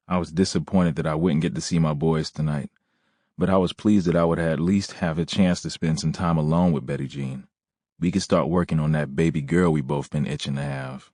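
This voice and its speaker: A man narrating a first-person audiobook in a plain, measured way. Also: extremely low pitch, steady tone, darkish tone, no echo, studio quality.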